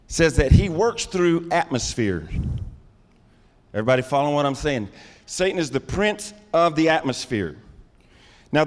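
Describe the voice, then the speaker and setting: A middle-aged man preaching a sermon, calling out to the congregation and rising into loud, emphatic bursts. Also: mid-range voice, in a large hall. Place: church sanctuary.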